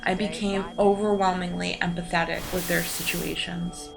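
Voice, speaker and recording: A woman giving a slow, solemn scripted voice-over narration for a documentary. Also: on the low side, flat delivery, vocal fry. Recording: voice-over with music behind.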